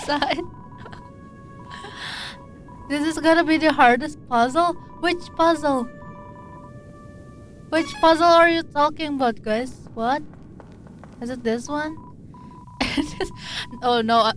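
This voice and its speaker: A woman's voice: sits high, slow pace, long pauses, soft background music. A woman streamer giving casual gameplay commentary, jumpy and giggly, easily startled.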